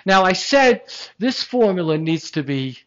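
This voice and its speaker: A science lecturer giving a classroom lecture, animated and emphatic, with rhetorical questions and jokes. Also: medium pitch, measured pace, lo-fi sound.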